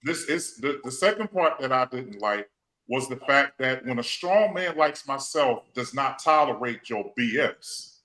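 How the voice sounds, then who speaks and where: Blunt, fed-up man with a bright, forceful voice. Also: medium pitch, animated, unhurried, rough recording. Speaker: panelist. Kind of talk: talk show discussion.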